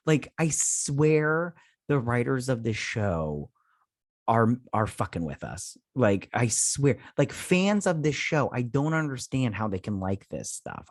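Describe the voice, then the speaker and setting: A man's voice: mid-range voice, very animated, measured pace, no echo, studio quality. A man hosting a casual TV episode recap and review, rambling with lots of fillers and sounding exasperated. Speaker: TV review host.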